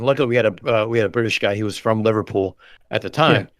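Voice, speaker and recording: An American man from the West Coast, with a touch of Boston, hosting a casual chat over a video call in a relaxed, rambling way with plenty of fillers. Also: fairly low pitch, fast, dry recording. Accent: General American, some Boston. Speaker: host.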